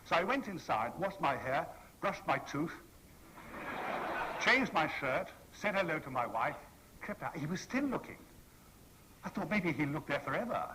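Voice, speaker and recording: A man in his sixties holds a convention audience with a rambling anecdote, his bright, ringing voice leaping up and down as he acts out each person he quotes. He speaks into a stage microphone in a hall with a faint hum of noise behind him. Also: on the high side, big pitch swings, moderate pace, long pauses. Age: 60s. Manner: theatrical, playful, acts out the people he quotes. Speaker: convention panel guest.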